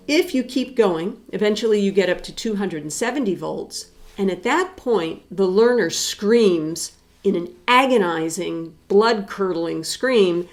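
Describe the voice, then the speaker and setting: A woman's voice: medium pitch, lively intonation, moderate pace. Woman, psychology professor, recorded lecture, explanatory with rhetorical questions.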